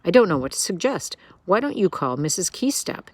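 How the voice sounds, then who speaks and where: Kindly neighbor lady, voiced by a woman, sweet, sympathetic, higher voice, storybook. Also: very animated, a little fast, darkish tone, husky. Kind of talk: storybook reading.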